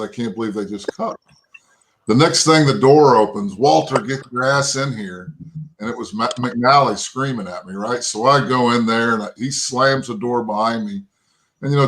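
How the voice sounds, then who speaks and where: A man in his fifties from Texas, once a pro football lineman, rambles through folksy anecdotes as an interview guest, often tagging on "right?" and "you know." His voice is mid-range and fairly bright. The recording is rough, with slight background noise.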